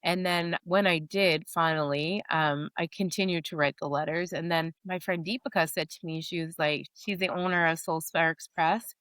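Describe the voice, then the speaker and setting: A woman's voice: lowish voice, fairly even intonation, moderate pace, few pauses, fairly bright tone, clear, resonant tone, dry recording. A woman in her forties, a podcast guest, telling her story in a candid, rambling way. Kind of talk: casual interview talk.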